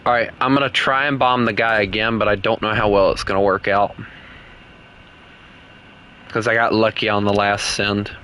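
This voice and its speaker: A man's voice: on the low side, fairly even intonation, moderate pace, long pauses, sharp tone, a little hiss or hum. A man casually commenting on his gameplay while streaming with viewers, in an offhand, mumbling way. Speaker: game streamer.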